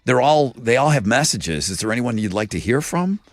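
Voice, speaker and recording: A man's voice: medium pitch, expressive, fairly quick, no echo. A man hosting a morning radio show, joking with co-hosts in a studio and doing live ad reads.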